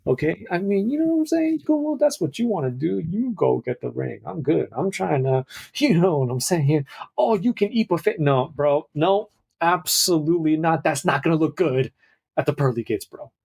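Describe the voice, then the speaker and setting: A man's voice: fairly high pitch, lively intonation, normal speed, creaky, a little mellow, slightly rough. A young man hosting a podcast, rambling in a casual, jokey way that keeps interrupting itself. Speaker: podcast host.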